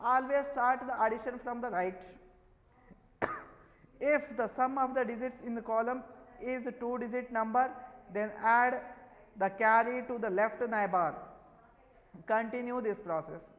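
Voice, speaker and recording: Bright-voiced Indian English maths teacher. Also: male voice, very high voice, fairly even intonation, unhurried, pauses often, long reverb tail, poor audio. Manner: repeats questions and answers them himself. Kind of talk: online classroom lesson.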